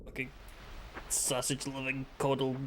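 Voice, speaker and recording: A man's voice: medium pitch, monotone, a little slow, slight background noise. A man streaming a game, swearing freely and joking back and forth with his chat. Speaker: livestreamer. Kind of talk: casual gaming stream chat.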